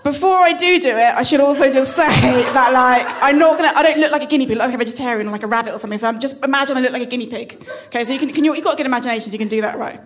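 A woman doing a halting, self-deprecating stand-up set on a club stage, full of restarts. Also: high voice, a little hiss or hum. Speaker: stand-up comedian.

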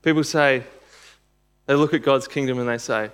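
A man's voice: medium pitch, moderate pace, pauses often, fairly bright tone, smooth. A man preaching a sermon and reading scripture aloud, earnest and emphatic, building to bursts of intensity.

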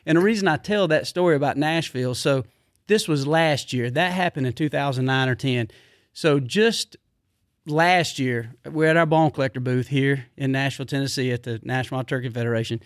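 A man who hosts a hunting show, a guest on a podcast, telling a story in an excitable, animated way. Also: mid-range voice, fairly quick, dry recording, studio quality. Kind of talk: casual storytelling.

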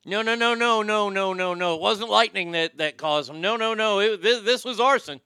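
A man's voice: sits high, moderate pace, bright, forceful tone, clean tone, dry recording, clean studio sound. A man hosting a casual show, ranting sarcastically with lots of profanity. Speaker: podcast host.

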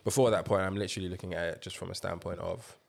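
A man co-hosting a podcast, talking politics in a measured way and steering the topic. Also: low voice, steady tone, gravelly. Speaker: podcast co-host. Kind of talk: casual political chat.

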